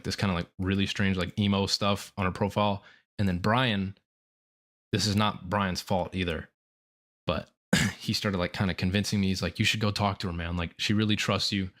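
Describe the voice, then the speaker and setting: A young man streaming a remorseful confession, halting and profane, full of "like" fillers. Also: deep voice, fairly bright tone. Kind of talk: confessional livestream monologue.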